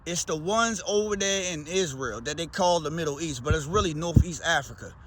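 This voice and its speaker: A man's voice: a little high, brisk, fairly bright tone, a little hiss or hum. A man with a Baltimore accent, talking in a loose, slangy, rambling way as a vlogger. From Baltimore, USA. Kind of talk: casual rambling chat.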